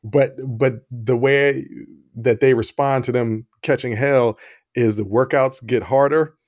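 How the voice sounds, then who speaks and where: Under hot lights in a studio, a man co-hosts a podcast, telling casual, profane stories about his personal-training clients while laughing animatedly. His voice is medium-pitched and unhurried, with no echo.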